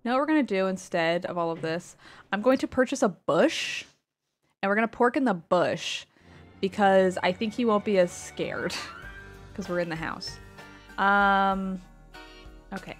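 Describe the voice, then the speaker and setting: A woman streamer giving casual gameplay commentary, exasperated and swearing, with muttered asides. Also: mid-range voice.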